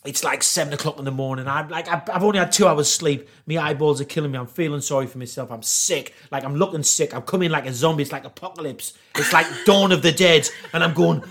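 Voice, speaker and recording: A man spins a rowdy comic yarn, jumping into the voices of everyone in it and swearing as he goes. His voice sits high for a man, with a gravelly fry running underneath. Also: a little fast, few pauses. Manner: animated, acts out voices, lots of swearing. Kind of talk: comic storytelling.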